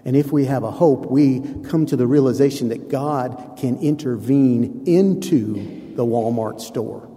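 A man's voice: mid-range voice, unhurried, dark tone. A man preaching a sermon to a congregation, conversational with playful asides to the listeners. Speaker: pastor. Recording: long hall reverb.

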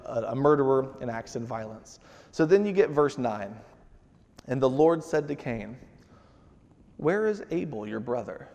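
A man preaching a sermon in a relaxed, conversational way, full of fillers and restarts. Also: medium pitch. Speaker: pastor. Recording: long hall reverb.

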